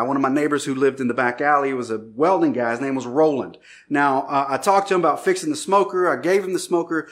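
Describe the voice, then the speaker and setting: Animated storytelling male pastor. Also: fairly high pitch. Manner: animated storytelling, acts out shouted lines. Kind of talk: sermon with a personal story.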